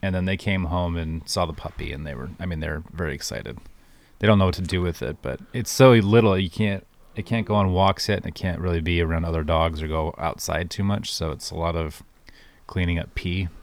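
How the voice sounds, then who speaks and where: A man's voice: low voice, fairly even intonation, brisk, gravelly, no echo. A man co-hosting a podcast who tells stories in a dry, matter-of-fact way. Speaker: podcast co-host. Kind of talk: casual storytelling.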